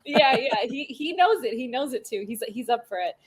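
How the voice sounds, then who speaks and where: Husky-voiced woman in her thirties chatting frankly. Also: high voice, lively intonation, normal speed. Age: 30s. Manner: chatty and frank, with frequent fillers and asides. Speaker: podcast guest, business mentor. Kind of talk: casual interview conversation.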